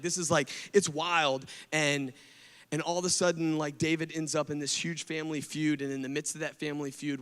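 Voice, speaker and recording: A man preaching a casual youth sermon to students, telling the story in an animated way full of "like" and "right?". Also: fairly high pitch, clean tone. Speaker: speaker at a student event. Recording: long hall reverb.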